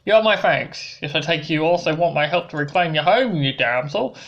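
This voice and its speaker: A gamer reading a stern old lord's lines aloud in a lowered, gruff voice while playing. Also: animated, fairly quick, a bit bright, highs cut off. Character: gruff old northern lord, weary and stern.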